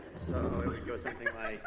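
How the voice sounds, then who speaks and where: Halting man, distant from mic. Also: mid-range voice. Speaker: actor on a convention panel. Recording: distant mic, echoey hall, loud noise.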